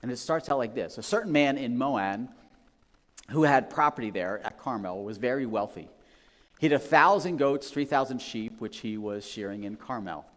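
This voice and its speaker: A pastor with a medium-pitched voice preaches at a moderate pace in a church sanctuary, casually retelling a story and checking in with the room with "okay?" and "right?". The long reverb of a large hall fills the recording.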